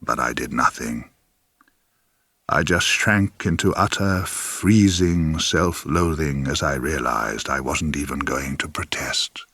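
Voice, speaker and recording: A man's voice: a bass voice, expressive, slow pace, slightly rough, no echo, studio quality. Wry, theatrical man narrating his memoir. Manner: wry, theatrical, dropping to hushed whispers. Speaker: author reading his memoir.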